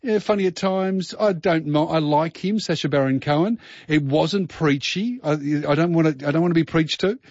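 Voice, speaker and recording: A man's voice: on the high side, moderate pace, a little mellow, no echo. Male radio host, rambling and chatty, dry slightly dull sound. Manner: rambling, chatty, thinking aloud. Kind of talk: casual radio chat.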